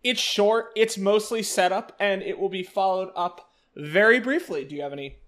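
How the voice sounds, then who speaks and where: A man co-hosting a podcast, giving wry, hesitant takes on comics in casual chat. His voice is pitched slightly high. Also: moderate pace, a bit bright. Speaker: podcast co-host.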